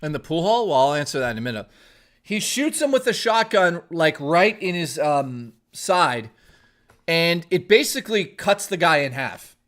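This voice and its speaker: A man's voice: on the high side, sing-song, moderate pace, a bit bright. A man streaming live, telling a story in a rambling, profane, casual way while thanking his viewers. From Toronto, Canada.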